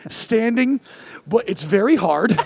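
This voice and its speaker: A man's voice: high voice, expressive, takes it slowly, gravelly, husky. A man in his thirties, a podcast host, telling a self-mocking comic story with acted-out quotes. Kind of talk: comedic storytelling chat.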